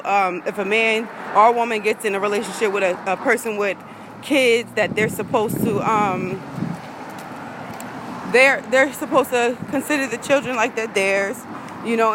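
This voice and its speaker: A woman's voice: on the high side, noisy background. A woman, a vlogger in an angry rant to her viewers, heated, profane and repeating herself.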